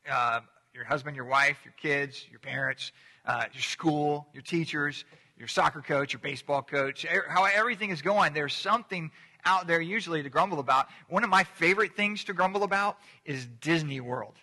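A middle-aged man preaches a relaxed, joking sermon, pitched slightly high with a bright, pushing tone. He keeps pulling the congregation in to say words along with him. The sound rings out in a large church hall with a long tail of reverb. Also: normal speed. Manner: chatty, joking, gets the congregation to repeat words. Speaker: pastor. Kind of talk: casual sermon.

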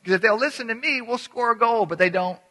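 A man preaching a sermon as pastor, animated and conversational, acting out little voices and often restarting his sentences. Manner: animated, acts out voices with sudden pitch jumps; halting restarts and repeated words. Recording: long hall reverb.

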